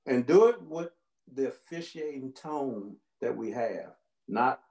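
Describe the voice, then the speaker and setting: A man, a veteran lacrosse official, gives casual advice in a homespun, folksy way, leaning on family comparisons. His voice sits at an average pitch. The room around him rings with echo. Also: big pitch swings, a little slow, darkish tone. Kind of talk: casual instructional talk.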